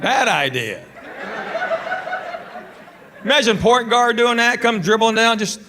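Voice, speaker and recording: A man's voice: extremely high pitch, very animated, takes it slowly, long pauses. A middle-aged man with a Southern American accent, telling stand-up comedy stories in a drawling, conversational way and bantering with the crowd. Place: comedy stage before a live audience. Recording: live stage recording with loud crowd laughter and noise.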